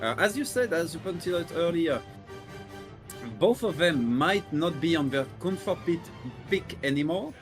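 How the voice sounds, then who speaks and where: A man casting a live esports match, speaking with frequent filler hesitations and animated bursts. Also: a little high, unhurried, music in the background. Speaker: esports caster. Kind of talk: live game commentary.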